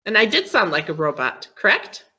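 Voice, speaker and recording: Over dull, lo-fi video call audio, a woman with a medium-pitched, sharp voice that swings widely in pitch teaches English word stress at a moderate pace. A guest on the call, she patiently explains each step and keeps checking in with "okay?"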